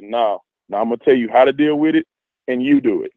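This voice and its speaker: A man in casual group discussion, talking haltingly with many restarts and fillers. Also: medium pitch, dry recording. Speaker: discussion participant. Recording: dry, phone-like audio.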